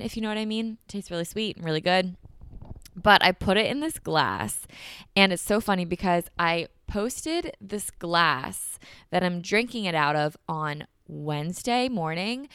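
A woman's voice: on the low side, a bit bright, clear, resonant tone, no room sound, studio quality. A young woman hosting a casual solo podcast, gushing and chatty with lots of "like", sounding a little congested from allergies. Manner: bubbly, gushing, heavy use of "like". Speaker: podcast host.

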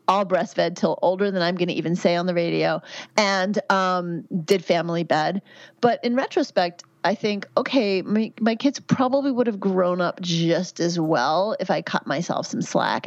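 A woman's voice: lowish voice, no echo, highs cut off. A woman in her fifties, a physician guest on a podcast, giving candid, chatty advice with lots of fillers. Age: 50s. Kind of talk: podcast interview answers.

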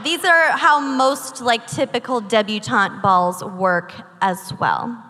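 Woman, high voice, slow and wry, live comedy podcast host, echoey hall, background noise. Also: sharp tone. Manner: wry, crude jokes. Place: live stage show.

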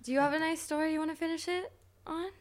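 A woman's voice: high voice, fairly even intonation, fast talker. A woman guesting on a podcast, chatting casually with dry, teasing remarks into a desk microphone in a studio.

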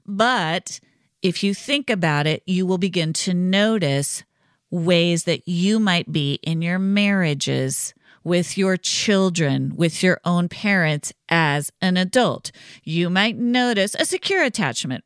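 A woman's voice: on the low side, measured pace, clear, resonant tone, no echo, studio quality. A woman hosting a solo podcast, explaining in a conversational, reassuring way with frequent "right?" asides. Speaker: podcast host.

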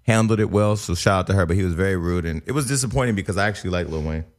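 A man's voice: deep voice, rapid-fire. A man hosting a casual talk show, telling stories and teasing his co-host with plenty of profanity. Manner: brash, profane storytelling, teasing. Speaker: podcast host. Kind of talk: casual chat.

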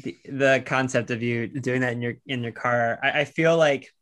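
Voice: mid-range voice, steady tone, normal speed, fairly bright tone. A podcast host interviewing guests over a video call, chatty and prone to long, rambling questions.

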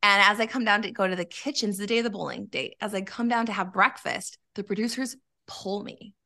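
A woman telling a long personal story in a casual chat, candid and animated, swearing freely. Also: medium pitch, fairly quick.

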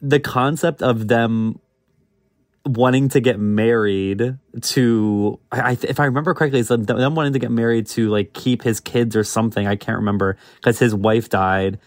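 A man's voice: mid-range voice, moderate pace, no room sound, studio quality. A man co-hosting a podcast, talking casually with lots of fillers and laughs. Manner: rambling, filler-heavy, laughs often. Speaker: podcast co-host, drag performer. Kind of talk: casual chat.

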